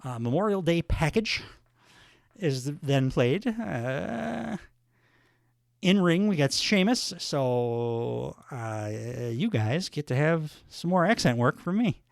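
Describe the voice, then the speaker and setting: A man's voice: fairly high pitch, sing-song, slow pace, creaky, no room sound, studio quality. A man hosting a solo wrestling recap podcast, talking casually with many fillers. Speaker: podcast host.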